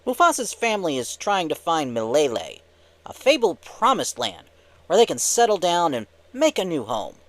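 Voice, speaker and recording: A man hosting a movie review channel, narrating the review in an upbeat, lively, scripted way. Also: a little high, normal speed.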